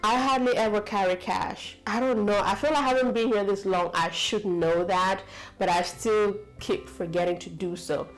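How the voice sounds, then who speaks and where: A woman's voice: medium pitch, fairly even intonation, moderate pace, soft background music, low-quality recording. Chatty American woman vlogger. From United States. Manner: chatty, rambling, with many fillers and asides. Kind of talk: casual storytelling to camera.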